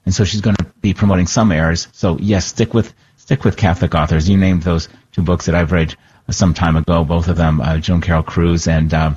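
A very deep-voiced man, a priest on a radio show, talks in a husky, measured way. The sound is dull and lo-fi. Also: steady tone, a little mellow. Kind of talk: casual radio talk.

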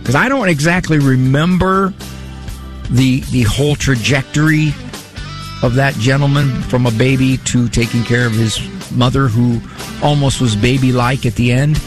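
A man's voice: medium pitch, moderate pace, music in the background. A man hosting a radio call-in show, talking loosely and repeating himself as he goes. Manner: rambling, repeats words, chuckles at own story. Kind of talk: conversational call-in talk. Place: radio studio. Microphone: studio mic.

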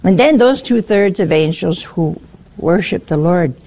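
A woman preaching a sermon in a slow, emphatic way, her voice rising on exclamations. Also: fairly low pitch, animated, mellow.

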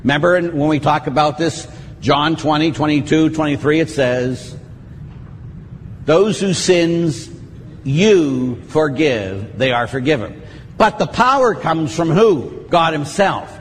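A middle-aged Catholic priest giving a conversational teaching on confession, acting out what penitents say in a lively, plain-spoken way. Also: male voice, fairly high pitch, moderate pace, long reverb tail, a little hiss or hum.

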